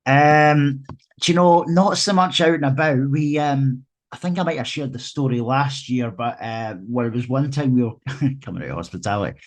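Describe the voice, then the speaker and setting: A man's voice: medium pitch, moderate pace. A Scottish man co-hosting a casual football podcast, telling anecdotes in an easygoing way. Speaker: podcast co-host.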